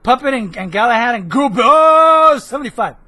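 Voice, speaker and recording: Hoarse high-voiced gaming commentator. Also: male voice, normal speed, low-quality recording. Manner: rambling, excitable, bursts into shouts. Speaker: gameplay video host. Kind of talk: gameplay commentary.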